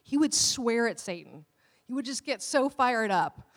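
A middle-aged woman pastor giving a sermon in an animated way, laughing often and acting out quotes in a high voice. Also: a little slow. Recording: long hall reverb.

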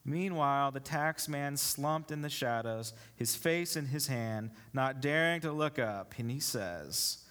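In a church, a male pastor preaches a sermon, reading scripture aloud and unpacking it with rhetorical questions to the congregation. His mid-range voice is a bit bright and unhurried, with hardly any pauses.

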